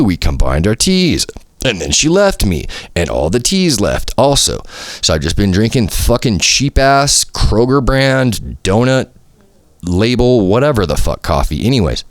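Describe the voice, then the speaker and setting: A man's voice: on the low side, no room sound, studio quality. A man hosting a podcast on his own, rambling in casual slang with lots of swearing and filler words. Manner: rambling, slangy and profane, lots of "like" and "you feel me". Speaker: podcast host. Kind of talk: casual solo podcast monologue. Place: home studio.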